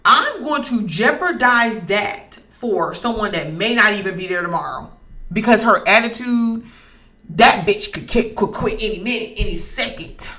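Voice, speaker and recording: In a casual talk, a woman who reads astrology and tarot gives a reading that's blunt and heated, swearing freely and repeating herself to drive points home. Her voice sits at a medium pitch, expressive and bright, with a forceful tone and a moderate pace.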